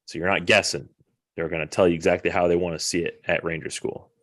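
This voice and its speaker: Very deep-voiced, laid-back man. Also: flat delivery, fast talker, a bit bright, dry recording, studio quality. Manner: laid-back, profane, matter-of-fact. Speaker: podcast co-host. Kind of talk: casual chat.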